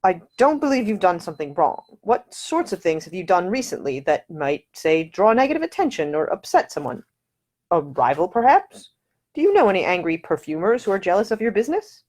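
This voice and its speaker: A woman's voice: mid-range voice, big pitch swings, brisk, darkish tone, voice pushed up. A woman voicing a wry young nobleman who talks with dry humor and fussy opinions. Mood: probing. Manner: wry, fussy about decor.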